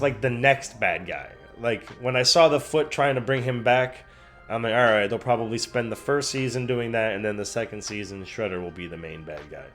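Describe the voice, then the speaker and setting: A man hosting a reaction video, talking casually and excitedly, gushing and swearing a lot. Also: mid-range voice.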